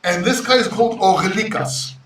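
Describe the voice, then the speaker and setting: A man's voice: sits high, moderate pace, distant mic. Brash emotional man, roomy and off-mic. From Greece. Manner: emotional, brash, swearing, swings loud and quiet. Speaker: crypto YouTuber reading live chat. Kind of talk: livestream chat with viewers. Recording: roomy echo, off-mic sound.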